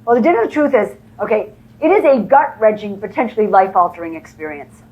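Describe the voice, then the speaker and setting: A woman speaks to a live audience of real estate agents in a conference room, delivering a motivational training full of stories with acted-out dialogue. Her medium-pitched voice is animated and brisk, though the highs are cut off in the recording.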